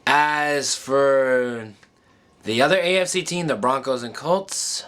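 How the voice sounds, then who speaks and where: Bright-voiced man in a halting sports vlog. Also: mid-range voice, clean tone. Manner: halting, many ums and restarts, choked up. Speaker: sports vlogger. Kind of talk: casual emotional monologue.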